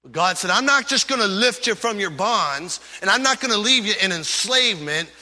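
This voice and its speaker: A man preaching a sermon as pastor, swinging between loud emphasis and hushed, earnest passages. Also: high-pitched, animated, brisk, in a large hall.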